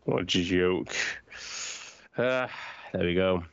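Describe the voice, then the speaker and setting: A man's voice: sits low, slow pace, dry recording, muffled recording. A man co-hosting a podcast, swearing freely and laughing as he tells stories in casual banter. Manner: sweary, laughs often, animated storytelling. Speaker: podcast co-host. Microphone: remote call.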